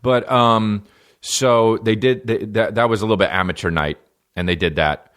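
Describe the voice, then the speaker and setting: A man's voice: on the low side, steady tone, normal speed, fairly bright tone. A man from New Jersey, a comedian hosting his podcast, talking in a rambling, playful, profane monologue.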